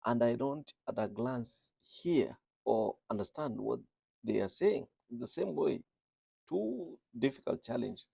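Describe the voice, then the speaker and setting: A man's voice: medium pitch, animated, slow, gravelly, mellow, slightly rough, no echo. A man working as a registered nurse, English not his first language, talking earnestly and repeating phrases for emphasis. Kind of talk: reflective talk on speaking with an accent.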